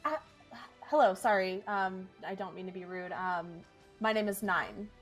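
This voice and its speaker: Slow, hesitant woman player. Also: mid-range voice, faint music behind. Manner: hesitant, polite, many fillers. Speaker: tabletop game player. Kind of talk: playing a character in a tabletop game.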